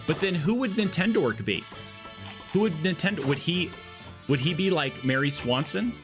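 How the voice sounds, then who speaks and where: A man's voice: on the high side, expressive, normal speed. Guy streaming a game live, goofy rambling chat, earbud mic, faint music behind. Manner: rambling, joking, goes off on tangents. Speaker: livestream gaming host. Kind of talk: casual live gameplay chat.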